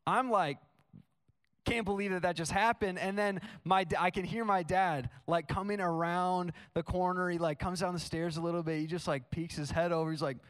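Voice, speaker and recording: A man's voice: high-pitched, steady tone, a little fast, few pauses, smooth. A young man preaching a sermon in a casual, storytelling way, full of "like" fillers. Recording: long hall reverb.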